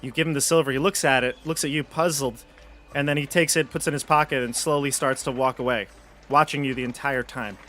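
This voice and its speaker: A man's voice: medium pitch, fast. Guy dming a tabletop game, laid back, restarts a lot, faint music behind. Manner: relaxed, descriptive with frequent restarts. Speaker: dungeon master.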